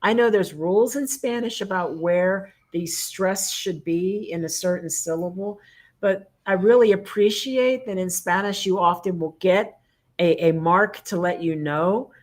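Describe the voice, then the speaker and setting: A woman's voice: on the low side, measured pace. Chatty laughing woman livestream co-host. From United States. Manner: chatty, laughs often, animated. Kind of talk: casual livestream chat.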